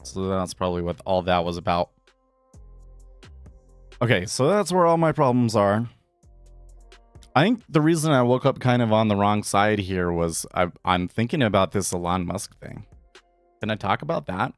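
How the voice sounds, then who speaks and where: A man's voice: fairly low pitch, animated, moderate pace, long pauses, clean tone, dry recording, faint music behind. A man talking casually on a live trading stream, thinking aloud with frequent restarts and tangents.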